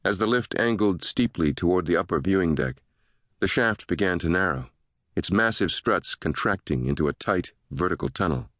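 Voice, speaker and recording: Man, audiobook narrator, very deep voice, dry studio sound, steady measured delivery. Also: no room sound. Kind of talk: scripted thriller narration.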